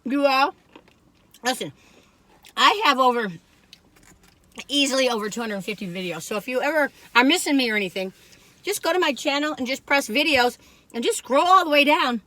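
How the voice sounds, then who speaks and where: A woman's voice: high-pitched, lively intonation, normal speed, pauses often, pushed and bright. An older woman, chatting and rambling as she tells stories in a food review vlog. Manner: chatty and rambling, acts out quoted voices. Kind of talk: casual storytelling chat to camera.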